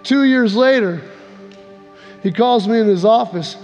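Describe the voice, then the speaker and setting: A man's voice: unhurried, darkish tone. A male pastor telling a personal story in a sermon, acting out what people said with big swings in voice. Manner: storytelling, acts out quotes with big swings in pitch. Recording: echoey hall with faint music.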